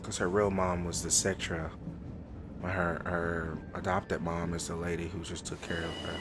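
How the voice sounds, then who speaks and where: A man's voice: sits low, little pitch movement, moderate pace, background noise. A man hosting a let's play, rambling and thinking aloud as he reacts emotionally to the story. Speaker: gaming host.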